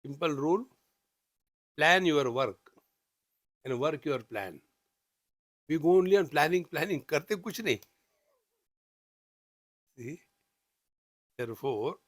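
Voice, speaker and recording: A man's voice: fairly high pitch, expressive, a little slow, long pauses, fairly bright tone, no echo, clean studio sound. A man with an Indian English accent teaching scripture, chanting Sanskrit verses and explaining them with humor. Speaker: spiritual teacher. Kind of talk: scripture discourse.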